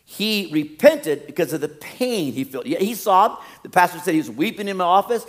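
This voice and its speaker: A middle-aged man preaching a sermon as pastor, swinging from loud emphatic peaks to quiet low asides and jokes. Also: lively intonation, moderate pace.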